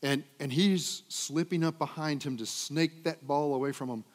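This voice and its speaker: A man preaching a sermon with dynamic delivery, swinging from loud emphatic peaks to low trailing phrase ends. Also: fairly even intonation, moderate pace. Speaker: pastor. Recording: long hall reverb.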